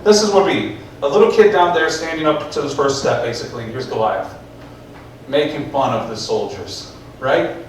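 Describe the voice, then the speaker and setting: A man's voice: medium pitch, normal speed. Brief: male preacher, conversational and questioning, distant mic in a very echoey church, faint room noise. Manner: conversational, asks the congregation questions. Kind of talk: sermon.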